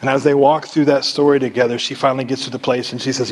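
A man preaching a sermon as pastor at a church service, animated and conversational, often quizzing the congregation. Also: mid-range voice, quick pace, a little hiss or hum.

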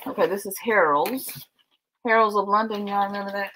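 A woman's voice: medium pitch, moderate pace, sharp tone, a little hiss or hum, rough recording. Chatty woman livestreaming at home. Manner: chatty, keeps addressing viewers as y'all; laughs often, talks while packing. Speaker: livestream host. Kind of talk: casual livestream chat. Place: at home indoors.

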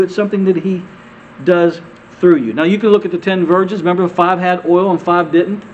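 A male pastor preaching a conversational sermon, asking the congregation questions and repeating words, swinging from emphatic peaks to quiet asides. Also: high-pitched, muffled recording, a little hiss or hum.

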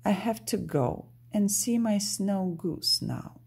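A woman's voice: mid-range voice, expressive, slow, gravelly, darkish tone, slightly rough, voice pushed up, exaggerated voice. A woman reading aloud, voicing a cruel, gloating male winter villain from a storybook in a bossy, mocking way. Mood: sneering.

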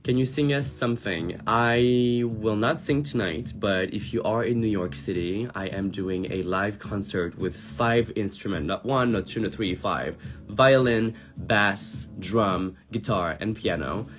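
A man's voice: on the low side, a little slow. A man in his thirties from France with a French accent, chatting casually on a livestream and answering viewers' comments. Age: 30s. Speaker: drag performer on a livestream. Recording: music playing behind the voice. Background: music.

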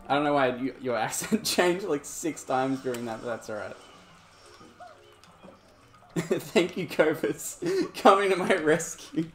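Chill guy streaming a game, bright voice, laughs a lot, hums to himself. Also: fairly high pitch, animated, measured pace, long pauses. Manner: laid-back, laughs a lot, chats with viewers, hums along. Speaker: gaming streamer. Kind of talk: live gameplay commentary. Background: game music.

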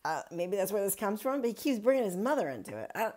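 A woman's voice: medium pitch, sing-song, fast, darkish tone. A woman pastor giving a casual daily Bible reflection, retelling the story in a chatty way with wry asides.

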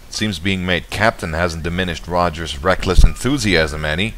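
A man's voice: low voice, normal speed, hardly any pauses, bright, forceful tone, soft background music. A man commenting casually on a video game he is playing, joking and reading game text aloud. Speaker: let's play commentator.

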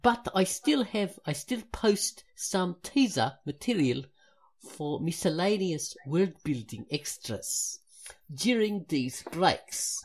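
A woman reading a post aloud in a put-on South African accent, halting and self-mocking. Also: fairly low pitch, sing-song, heavily acted. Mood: earnest reading.

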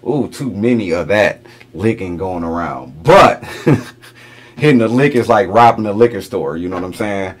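A man's voice: on the low side, animated, measured pace. A middle-aged man hosting a reaction video, talking casually, repeating lines back to himself and chuckling as he muses over them.

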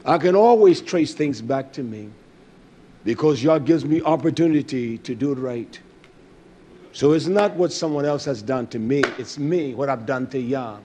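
An older man preaching a sermon, swinging between loud, emphatic declarations and low, muttered asides, with blunt phrasing and rhetorical questions. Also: normal speed, a little hiss or hum.

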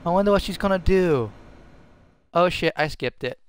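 High-pitched and animated at a normal speed, a young man plays a video game and offers his viewers casual, joking commentary full of swearing, acting as a gaming video host. Game music is loud behind his voice, with a little background noise.

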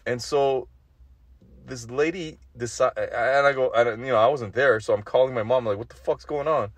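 A man's voice: mid-range voice, fairly even intonation, normal speed, dry recording. A man in his forties telling a rambling, profane story in a casual monologue, with nervous little laughs. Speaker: vlogger.

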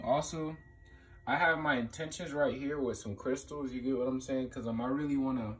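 A young adult man talking casually to camera in a room at home. He uses loose slang and keeps checking in with "you get what I'm saying.". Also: mid-range voice. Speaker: vlogger. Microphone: handheld phone camera.

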